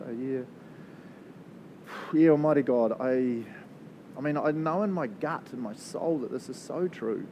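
A man with a New Zealand accent, preaching a sermon and praying in a chatty, animated way that often breaks into laughs. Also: mid-range voice, a little hiss or hum, rough recording. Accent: New Zealand English. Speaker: pastor. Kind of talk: sermon with prayer.

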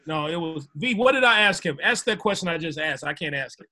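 A man's voice: fairly high pitch, expressive, a little fast, bright, forceful tone. A man hosting a casual talk show, asking teasing, joking questions. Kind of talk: casual podcast banter.

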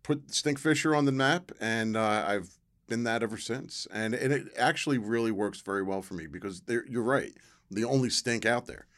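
A middle-aged man tells stories as a podcast guest. He is animated and jumps into other people's voices as he goes. His pitch sits in the ordinary middle range. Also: moderate pace. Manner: animated storyteller acting out quoted voices. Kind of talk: casual storytelling.

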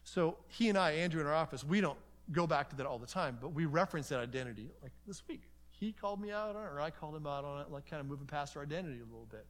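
This man's voice is fairly high, and he talks rapid-fire with few pauses. Leading a conference seminar in a chatty style, he acts out dialogues within lively stories and wanders into frequent asides.

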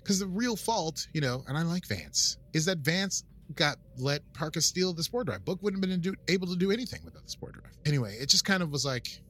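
A man chatting casually about a TV episode in a nerdy, animated way. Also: a little high, a little fast, few pauses, breathy edge. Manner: nerdy, animated, puts on silly voices. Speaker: podcast co-host. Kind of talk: casual chat.

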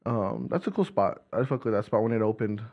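A man's voice: lowish voice, lively intonation, brisk, narrow, tinny audio. A young man co-hosting a casual podcast, telling rowdy stories full of swearing and laughter. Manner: profane, laughing storyteller. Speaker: podcast co-host. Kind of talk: casual chat.

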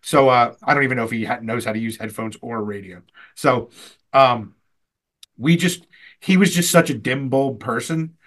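A man's voice: mid-range voice, normal speed, a bit bright. A man hosting a podcast, telling rambling, profane stories about an old job and laughing often. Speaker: podcast host. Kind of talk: casual storytelling chat.

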